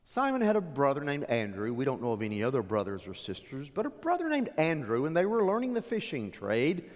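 A man preaching a sermon as pastor, dramatic, swinging from loud declarations to hushed asides. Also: medium pitch, wildly swooping pitch, brisk, big-room sound.

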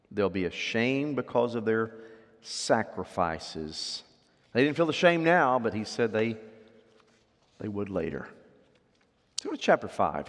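Animated preacher in a reverberant hall. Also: male voice, mid-range voice. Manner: lively, rising to loud emphatic readings then dropping to quiet asides; asks the congregation questions. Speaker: pastor. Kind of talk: sermon.

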